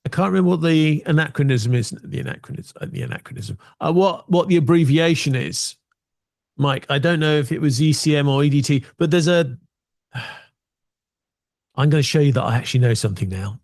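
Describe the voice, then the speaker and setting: A man's voice: on the high side, normal speed, a little mellow, no echo, studio quality. A man co-hosting a video tech show, chatty and self-deprecating as he explains.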